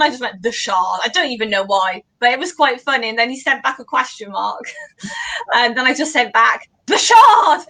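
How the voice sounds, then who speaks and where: A woman's voice: high voice, bright, forceful tone. A young woman from England, a guest in a casual interview, telling stories in a chatty way and laughing often.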